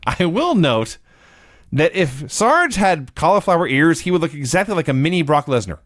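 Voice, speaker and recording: A man recapping events on a podcast, tripping over a word here and there, his pitch bouncing with lively movement. His voice is a touch high for a man, recorded dry and close. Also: normal speed, no room sound. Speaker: podcast co-host. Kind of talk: casual chat recapping wrestling.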